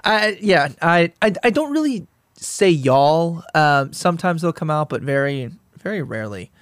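A man's voice: a little high, lively intonation, moderate pace, dry recording, clean studio sound. Chatty young man, light mild Midwestern lilt. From US Midwest and South. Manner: chatty, laughs easily, many fillers like "like". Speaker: podcast host. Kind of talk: casual conversational interview.

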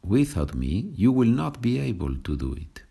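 Deep-voiced Spanish man teaching slowly. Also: big pitch swings, creaky, mellow, husky. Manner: slow and patient, switching between English and Spanish example sentences. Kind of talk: language lesson podcast.

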